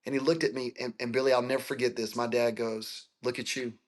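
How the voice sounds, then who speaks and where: A man's voice: mid-range voice, flat delivery, fast talker. A man in his forties from Florida, a pastor telling his life story as an interview guest, earnest and emotional, speaking over a video call. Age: 40s.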